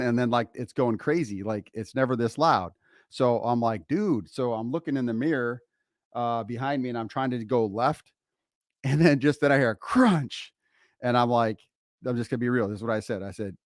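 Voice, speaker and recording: A middle-aged man co-hosting a podcast, telling a story in a casual, animated way and laughing often, recorded on a close mic. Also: medium pitch, moderate pace, no room sound. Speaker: podcast co-host, father.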